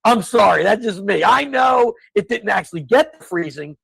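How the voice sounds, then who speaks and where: A man's voice: sits high, expressive, moderate pace, gravelly, fairly bright tone, slightly rough, no room sound, poor audio. A man co-hosting a casual podcast, telling stories and ranting in exasperated bursts. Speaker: co-host.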